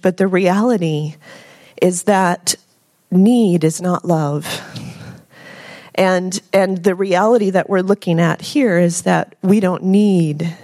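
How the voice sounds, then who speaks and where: A woman sharing a heartfelt testimony in church, earnest and laughing softly now and then. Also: on the low side. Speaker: congregation member sharing a testimony. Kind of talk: spoken testimony.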